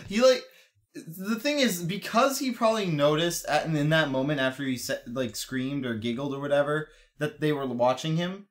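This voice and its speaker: A man's voice: on the high side, moderate pace. A young man co-hosting a casual podcast chat, laughing and teasing his friends. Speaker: podcast co-host.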